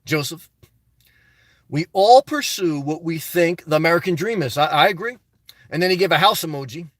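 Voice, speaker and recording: Guy reading his chat out loud on a stream, kinda high voice, chatty and rambling. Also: expressive, moderate pace, no room sound, studio quality. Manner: chatty, reads viewer comments aloud and riffs on them. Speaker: YouTube channel host reading live chat. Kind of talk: casual livestream chat.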